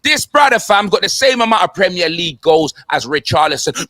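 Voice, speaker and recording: A man's voice: high voice, expressive, fairly quick, few pauses, bright, forceful tone, no echo, studio quality. A young man with a London accent hosting comedic football banter, rattling off slang and sing-song punchlines.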